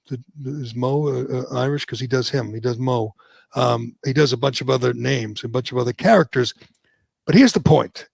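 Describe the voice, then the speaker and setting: A man's voice: medium pitch, creaky, no room sound. A man hosting a talk radio show, delivering a sarcastic, opinionated monologue with frequent ums and uhs. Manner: sarcastic, hesitant with many fillers.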